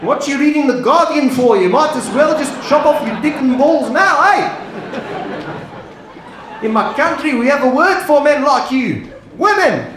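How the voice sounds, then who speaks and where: A loud, swaggering male dog barks out taunts in a put-on South African accent, as a comedian puts him on. The voice sits far above the man's own and swings around as it mocks. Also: extremely high pitch, expressive, measured pace, reverberant, crowd noise, background noise, voice pushed up. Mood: heckling, mocking. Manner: brash, mocking, shouting taunts.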